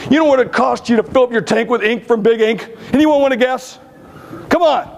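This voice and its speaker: A man's voice: extremely high pitch, brisk, gravelly. A man giving a conference keynote, telling blunt, brash stories with humor. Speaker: keynote speaker. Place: conference stage.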